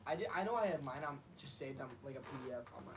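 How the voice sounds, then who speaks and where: A young man, a podcast guest, telling rambling high school stories in casual chat with lots of filler words. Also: expressive, very fast. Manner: rambling storyteller, heavy on filler "like". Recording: distant mic with clear background noise.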